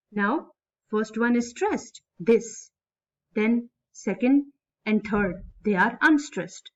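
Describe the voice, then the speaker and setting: A woman's voice: a little high, darkish tone, muffled recording. A woman teaching English literature to students in a recorded lecture, addressing them directly and stressing syllables aloud. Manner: addresses students directly, repeats key points.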